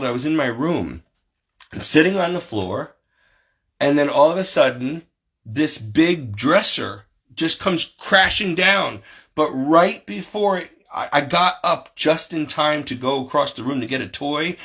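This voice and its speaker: Husky man telling stories casually. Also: on the high side. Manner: rambling, animated quoting of others. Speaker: storyteller recounting paranormal childhood. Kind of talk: casual storytelling.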